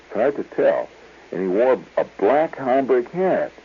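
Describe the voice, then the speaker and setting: A man's voice: medium pitch, very animated, a little slow, husky. A man hosting a radio show, telling a digressive story in a chuckling, storytelling way. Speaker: radio host. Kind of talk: rambling storytelling monologue. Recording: tinny 1970s radio broadcast.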